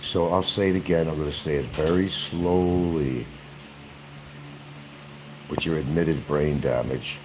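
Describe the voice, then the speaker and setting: A man vlogging from a room in his home in casual chat, mocking and repeating his points slowly and deliberately. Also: very deep voice, steady tone, darkish tone, slight background noise.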